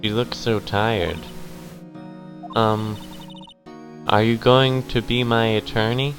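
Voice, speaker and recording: A man's voice: on the low side, fairly even intonation, takes it slowly, over music. A man reading a timid young woman. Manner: hesitant, soft-spoken. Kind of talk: reading game dialogue aloud.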